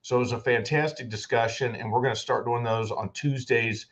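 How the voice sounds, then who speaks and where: A man's voice: mid-range voice, fairly even intonation, fairly quick, fairly bright tone. A man from the United States hosting an interview over a video call, rambling with many restarts. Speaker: podcast host. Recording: dull lo-fi sound.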